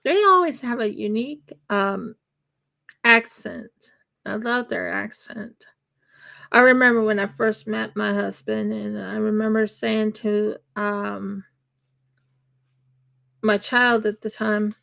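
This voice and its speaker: Slow, gravelly-voiced woman chatting. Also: mid-range voice, a bit bright. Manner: chatty and rambling, with laughs and fillers. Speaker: craft live streamer. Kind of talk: casual chat while crafting on a live stream.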